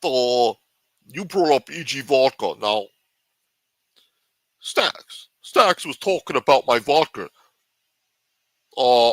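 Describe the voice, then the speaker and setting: A man's voice: medium pitch, a bit bright, dry recording. A man hosting a livestream, talking in a brash, profane mob boss persona. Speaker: livestream show host.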